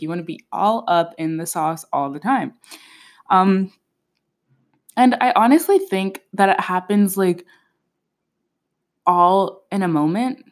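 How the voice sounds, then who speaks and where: A woman in her twenties hosting a podcast on her own, chatting casually in a playful, slangy way with plenty of fillers and laughs. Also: lowish voice. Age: 20s. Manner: chatty and expressive, laughs often. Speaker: podcast host. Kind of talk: casual solo chat.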